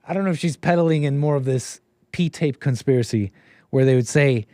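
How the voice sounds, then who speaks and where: A man's voice: mid-range voice, moderate pace, warm tone, no echo, studio quality. A man hosting a solo commentary livestream, sarcastic and mocking, often laughing at what he reads. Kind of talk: solo political commentary stream.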